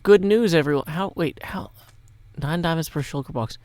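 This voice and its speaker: Playing Minecraft, the Tennessee YouTuber rambles cheerfully and breaks into theatrical asides. His pitch runs high while the tone is somewhat dark, and he speaks at a normal speed.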